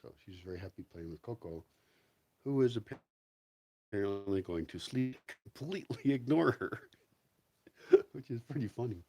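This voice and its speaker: A man rambles through a casual vlog, talking to himself as he wanders around outdoors at home. His voice is husky and fairly low, and it swings up and down a lot. He swears freely and drifts between topics. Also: expressive, a little slow, pauses often, dark tone. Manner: rambling, profane, talks to himself and his dogs. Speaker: vlogger.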